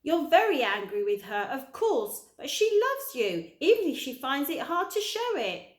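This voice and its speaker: A woman voicing a kindly, polite old male tramp with gentle, old-fashioned manners, in a roomy-sounding recording. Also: high voice, very animated, normal speed, voice pushed up. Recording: roomy echo.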